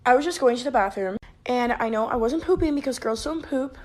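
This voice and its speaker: A woman's voice: a little high, expressive, fairly quick, a little mellow. A woman telling a comic storytime, giggly, playful and exaggerated.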